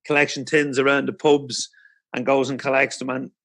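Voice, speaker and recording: A man's voice: medium pitch, flat delivery, normal speed, fairly bright tone. A man hosting a podcast interview, speaking with enthusiastic praise for his guest. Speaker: podcast host. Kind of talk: casual interview.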